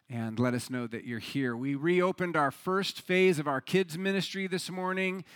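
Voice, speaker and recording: A man preaching a sermon as pastor, telling a joke story with rising energy and talking conversationally with some stumbles and repeats. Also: a little high. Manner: lively storyteller, builds to loud excitement in anecdotes.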